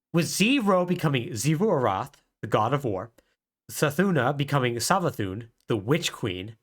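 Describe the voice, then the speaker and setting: A man co-hosting a podcast, casually retelling a story with jokes and laughs. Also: on the high side. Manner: animated storytelling, laughing at his own jokes. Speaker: podcast co-host. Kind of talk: casual chat.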